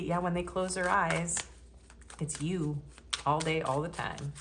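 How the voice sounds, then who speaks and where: Low-voiced woman giving a chatty tarot reading. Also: steady tone, a little slow, fairly bright tone, a little hiss or hum. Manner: chatty, cheeky and given to laughing. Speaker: tarot reader. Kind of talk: casual pick-a-card tarot reading.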